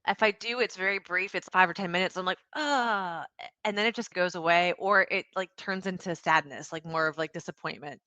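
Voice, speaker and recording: A woman's voice: on the low side, fast talker, no room sound. A woman, a podcast guest, talking casually in an interview and acting out bits of quoted dialogue. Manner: animated, acts out quoted dialogue. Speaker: podcast guest, founder and CEO.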